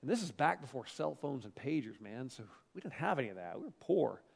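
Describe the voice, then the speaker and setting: Gravelly, animated male preacher in a hall. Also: medium pitch, a little fast. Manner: animated, emphatic, repeats phrases for effect. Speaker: pastor. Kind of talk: storytelling sermon.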